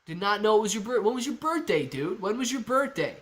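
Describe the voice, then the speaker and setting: A man hosting a live stock-market stream, calling out prices rapidly and chatting with viewers in a casual, excited way. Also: sits high. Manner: excited, calls out prices like an auctioneer. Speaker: livestream host.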